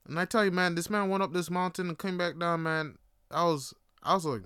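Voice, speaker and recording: A man's voice: sits high, brisk, a bit bright, clean tone, dry recording, clean studio sound. A man hosting a podcast, telling stories casually and animatedly, swearing freely and repeating words as he goes. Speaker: podcast host. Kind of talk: casual storytelling.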